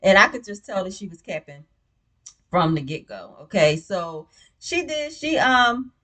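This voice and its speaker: A woman's voice: medium pitch, sing-song, measured pace, fairly bright tone. A woman recapping a reality show in casual, blunt, opinionated chat, with many "you know what I'm saying" fillers.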